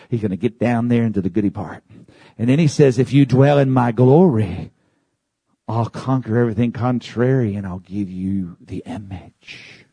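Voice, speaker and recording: A man preaching a sermon, moving from calm teaching to loud, high-pitched shouting. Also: no room sound.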